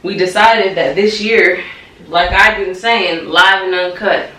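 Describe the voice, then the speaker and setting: A man's voice: high voice, fairly even intonation, measured pace, sharp tone. A young man, a father co-hosting a family vlog, chatting casually and teasing while talking to viewers. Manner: joking, teasing, talks to the viewers. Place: home nursery room, indoors. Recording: roomy, distant, noisy home video.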